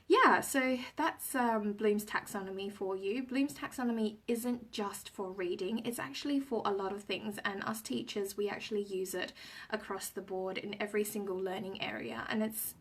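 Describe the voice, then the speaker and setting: A woman's voice: medium pitch, breathy edge, recorded from a distance. A woman teacher explaining reading questions to parents in a casual live stream, with many ums and restarts. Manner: rambling, frequent ums and restarts.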